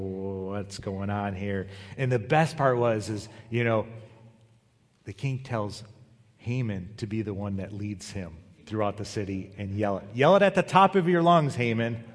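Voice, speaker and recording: A pastor preaching a sermon, retelling a story with lively voices for its characters. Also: male voice, fairly low pitch. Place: church sanctuary. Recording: long hall reverb.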